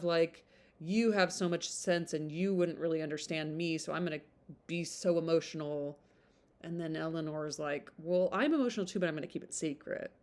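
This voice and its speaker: A woman's voice: low-pitched, darkish tone. A woman chatting casually as a book vlogger, rambling with lots of filler words and restarts. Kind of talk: casual chat about a novel.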